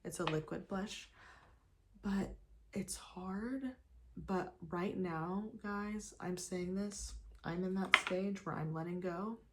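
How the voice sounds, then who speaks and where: A young woman with a lowish voice talks through her makeup routine in her apartment as a lifestyle vlogger. The get-ready-with-me chat is quick, loose and animated, peppered with "like" and "you guys," and sometimes she whispers.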